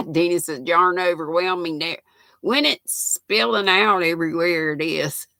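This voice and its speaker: An American woman in her 60s hosts a livestream, chatting casually with viewers, reading their comments aloud, and laughing often. Her voice is on the low side, gravelly, and sharp, her pace unhurried, with no echo.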